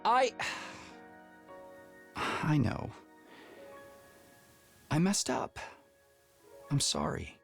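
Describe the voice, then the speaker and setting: A mid-pitched young voice, flustered and pleading, earnest at heart. The intonation moves widely as the apologies tumble out. Soft music runs underneath. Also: female voice, huge pitch swings, drawn-out words, creaky, long pauses, full character voice. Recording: game audio with faint music.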